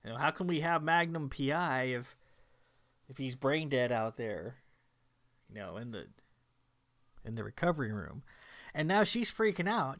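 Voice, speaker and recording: A man's voice: mid-range voice, lively intonation, measured pace, pauses often, fairly bright tone. A man unhurriedly walking through the story of an old thriller, tossing in dry jokes along the way. He takes his time and lingers over his words. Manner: wry, joking retelling of a plot. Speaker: film commentator. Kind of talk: casual movie commentary.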